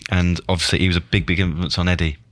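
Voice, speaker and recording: Very deep man, casual chat. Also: little pitch movement, fast, dry recording. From England. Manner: reflective, chatty with restarts. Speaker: podcast co-host, former footballer and coach. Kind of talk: casual conversation.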